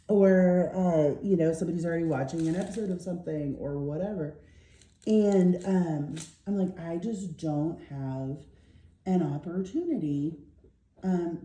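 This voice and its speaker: A woman's voice: fairly low pitch, dark tone, echoey room. A middle-aged woman vlogger telling a rambling story while crafting, tired and yawning, with lots of fillers. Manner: rambling, chatty, with many fillers.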